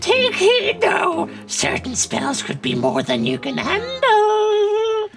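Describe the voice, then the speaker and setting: A man putting on a high, creaky witchy voice to read a witch's note aloud in a video game. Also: huge pitch swings, takes it slowly, over music, heavily acted. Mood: grand, mocking. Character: creaky, theatrical old witch woman.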